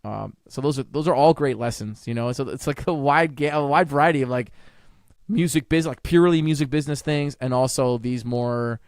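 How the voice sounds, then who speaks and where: A man chatting as a guest in an interview, enthusiastic, talking in quick bursts and jumping up in pitch on the words he stresses. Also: a little mellow, no room sound, clean studio sound. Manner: enthusiastic, jumps up in pitch on emphasis; talks in quick bursts with restarts. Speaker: podcast guest, jazz trumpeter and educator. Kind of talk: casual interview conversation.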